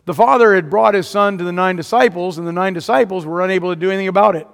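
A man's voice: sits high, rapid-fire, vocal fry. A man preaching a sermon, retelling a story dramatically and rising to emphatic peaks. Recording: long hall reverb.

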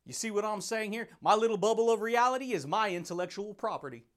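High-voiced, fired-up motivational man. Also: fast. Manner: energetic, laughing, calls listener dude and baby. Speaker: motivational podcast host. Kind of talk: hyped motivational monologue.

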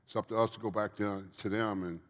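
A man's voice: fairly low pitch, steady tone, quick pace, a bit bright. A man in recovery giving earnest, preachy testimony in a church Q&A, often repeating phrases. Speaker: guest speaker in recovery. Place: church event hall. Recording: long reverb of a large hall.

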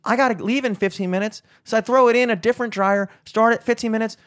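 High-voiced young man telling a rambling story. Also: fast. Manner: rambling, profane, animated, acts out voices. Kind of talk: casual storytelling chat.

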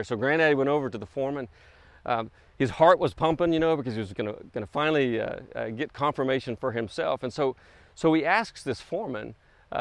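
Halting, storytelling male preacher. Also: mid-range voice, gravelly, dry recording. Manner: storytelling, halting with many restarts. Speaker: pastor. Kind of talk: sermon.

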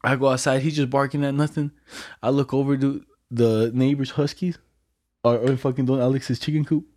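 A man's voice: mid-range voice, level tone, fairly quick, darkish tone. A young man telling stories in a casual, slangy chat and laughing often.

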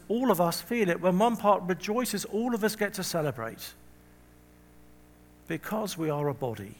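High-voiced and recorded in a big, echoing room, a man preaches a sermon in a conversational style. He tells stories sprinkled with humorous, self-deprecating asides and acts out the voices he quotes.

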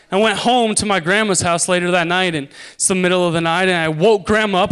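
Animated young preacher man. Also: high-pitched, a little fast, hardly any pauses, clear, resonant tone. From Idaho. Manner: animated storytelling, loud yelled impressions. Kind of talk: sermon with storytelling.

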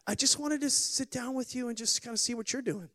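A pastor quoting his sweet, gentle young daughter. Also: extremely high pitch, a little fast, dry recording.

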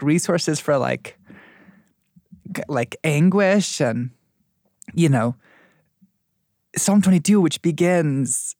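A man in a casual faith discussion, retelling a scripture story with lively acted-out quotes. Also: fairly high pitch, creaky, no echo, clean studio sound.

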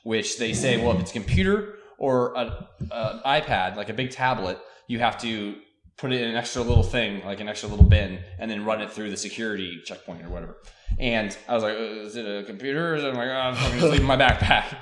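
A man's voice: on the low side, fast. A young man hosting a podcast, telling profane, self-mocking travel anecdotes in a rambling casual chat. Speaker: podcast host. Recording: echoey room with background noise.

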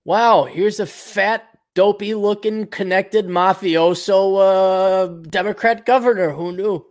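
A man with a high, steady voice runs a livestream, reading donations from viewers. His rant is blunt and laced with profanity, delivered quickly and loosely with frequent fillers and restarts.

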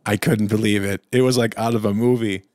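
A man's voice: on the low side, fairly even intonation, a little fast, a little mellow, no room sound, clean studio sound. A young adult man co-hosting a podcast, telling a long story in casual chat with many restarts. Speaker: podcast co-host.

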